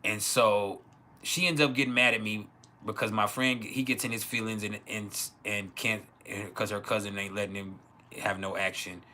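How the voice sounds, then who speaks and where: Bright-voiced man telling crude stories. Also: fairly low pitch, steady tone, moderate pace. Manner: crude, laughing often, acts out quoted voices. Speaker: live stream host. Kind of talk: casual storytelling. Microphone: home livestream mic.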